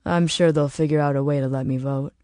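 A woman's voice: sits low, steady tone, a little fast, dark tone, dry recording, clean studio sound, close to an everyday voice. A woman voicing a hesitant young man.

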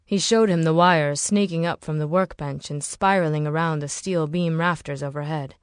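A woman narrating a novel in a steady, measured way. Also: low-pitched, clean tone, no echo, studio quality. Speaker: audiobook narrator. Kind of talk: scripted narration.

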